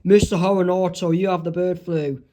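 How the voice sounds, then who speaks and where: A man voicing a calm male cartoon doctor in a fan comic reading, firm and reassuring. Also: high voice, moderate pace, natural voice.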